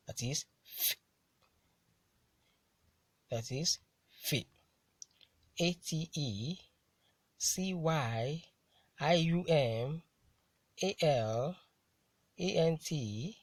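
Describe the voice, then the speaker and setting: A man teaching English word stress, saying each word slowly and repeating it for the learner to copy. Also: fairly high pitch, lively intonation, no room sound. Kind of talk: slow drilled pronunciation lesson.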